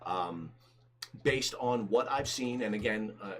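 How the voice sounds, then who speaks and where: A man co-hosting a livestream in casual chat, excitable and chatty, with lots of fillers. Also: fairly low pitch, slow, slight background noise. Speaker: livestream co-host.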